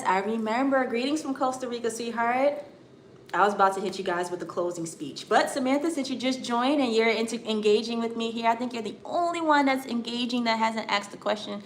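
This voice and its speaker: An American woman giving a tarot reading on a live stream. She reassures her viewers, calls them honey and sweetheart, and keeps checking in with "okay?". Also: fairly high pitch. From United States. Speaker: tarot card reader. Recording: echoey room with faint background noise.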